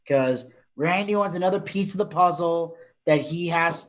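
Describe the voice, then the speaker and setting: A man co-hosting a casual podcast, his voice sitting a little high. He talks in long, chatty stretches with frequent restarts as he lays out his opinions. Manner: chatty, explains at length with many restarts. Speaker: co-host.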